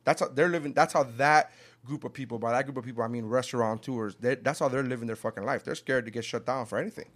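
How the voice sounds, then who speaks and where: A man in casual podcast chat, swearing a lot and acting out quotes with big shifts in loudness. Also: medium pitch, quick pace. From South Florida. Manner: animated, profane, acts out quotes.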